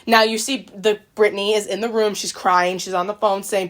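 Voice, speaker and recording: A woman hosts a podcast in relaxed, casual chat. She rambles through a retelling, full of likes and quick quoted voices. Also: mid-range voice. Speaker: podcast host.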